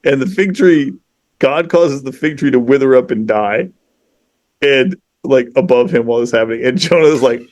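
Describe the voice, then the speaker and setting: A man with an ordinary mid-range voice talks in relaxed podcast conversation. He retells a story with lively energy and casual swearing, leaning on fillers like "you know" and "like." He slips into the voices of the people in the story as he goes. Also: medium pitch, normal speed, no room sound. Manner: animated, profane, acts out quoted characters. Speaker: podcast guest.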